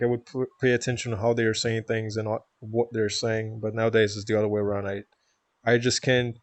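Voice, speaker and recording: A man streaming, chatting with viewers in a calm, easygoing, chill way from a home setup. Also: mid-range voice, no room sound, highs cut off. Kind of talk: casual chat with viewers.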